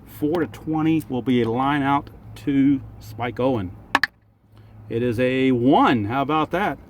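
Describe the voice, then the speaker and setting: A man's voice: mid-range voice, a little slow, noisy background. A man calling play-by-play for a tabletop baseball game outdoors and thinking aloud over each roll. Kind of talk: play-by-play commentary of a dice game.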